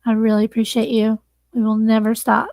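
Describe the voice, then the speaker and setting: A woman's voice: on the high side, little pitch movement, a little fast, darkish tone, no room sound. Emotional woman livestream host. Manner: emotional, earnest, thanking viewers. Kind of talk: casual livestream sign-off.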